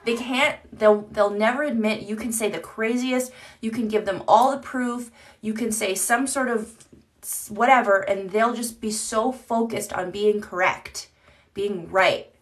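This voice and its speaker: A woman's voice: on the high side, a little slow. Candid woman chatting on a live stream. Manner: candid, rambling, swears casually. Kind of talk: casual live-stream chat. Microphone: phone.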